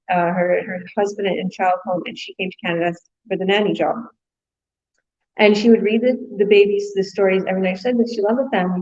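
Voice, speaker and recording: A woman's voice: fairly low pitch, a little mellow, lo-fi sound. A woman hosting a casual online business chat, upbeat, encouraging and rambling as she talks. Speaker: host.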